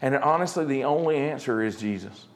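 A man preaching a sermon, swinging between joking asides and quiet, earnest points. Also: medium pitch, brisk. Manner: animated preaching, jokey asides, drops to quiet earnest tones. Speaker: pastor.

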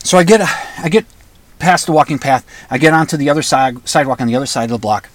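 A man's voice: medium pitch, quick pace. A man telling a personal story in a conversational way, with restarts and flashes of raised, angry emphasis. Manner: conversational, restarts, flares into loud angry outbursts.

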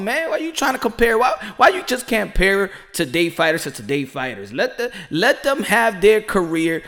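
Brief: animated male podcast host, high and expressive, preaching his point. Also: moderate pace, few pauses. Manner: animated, preachy, repeats himself for emphasis. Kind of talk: casual monologue.

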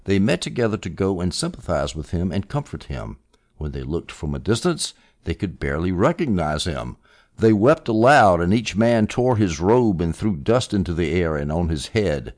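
A man teaching a Bible passage as a preacher, animated, with sarcastic asides and swings between loud and hushed delivery. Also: sits low, normal speed.

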